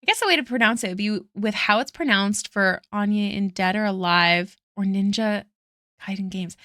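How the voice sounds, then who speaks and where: A woman's voice: medium pitch, moderate pace, pushed and bright, no echo, clean studio sound. A woman streaming her art live, chatting casually with viewers, giggling often and thanking them one by one.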